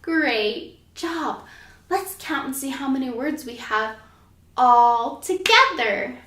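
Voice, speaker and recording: A woman teaching young children letter sounds, speaking in a slow, sing-song, encouraging way. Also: sits high, expressive, a bit bright. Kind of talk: children's phonics lesson. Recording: echoey room, mic at a distance.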